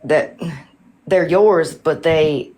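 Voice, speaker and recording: Woman, low pitch, blunt, swearing, casual chat, phone call. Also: drawn-out words, slight background noise. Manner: blunt, swears freely, animated storytelling. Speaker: host.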